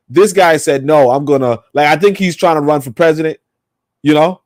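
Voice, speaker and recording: A man's voice: fairly high pitch, normal speed, dry recording. Profane, rambling man on a call. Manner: profane, animated, rambling with restarts. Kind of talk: casual chat.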